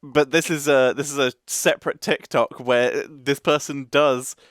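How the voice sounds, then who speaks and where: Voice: mid-range voice, steady tone, a little slow, fairly bright tone, no echo. A laid-back co-host of a meme reaction video who laughs often while chatting. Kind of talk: casual chat.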